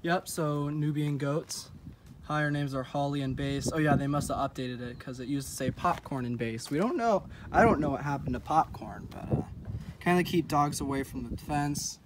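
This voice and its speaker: A man's voice: on the high side, normal speed, background noise. A man vlogging at a ranch, chatting and cooing to goats, recorded on a phone outdoors. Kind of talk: casual vlog. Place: outdoors at a ranch by a goat pen.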